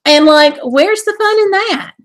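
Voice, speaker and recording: A woman's voice: very high voice, a little slow. A woman hosting a casual live stream, chatting in a bubbly way and reading viewer comments aloud. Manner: bubbly and chatty, with exclamations and laughter.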